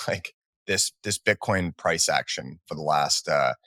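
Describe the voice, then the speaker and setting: A man co-hosting a podcast, talking in a relaxed, meandering way with many restarts. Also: very deep voice, takes it slowly, dry recording, studio quality. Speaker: podcast co-host. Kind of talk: casual market talk.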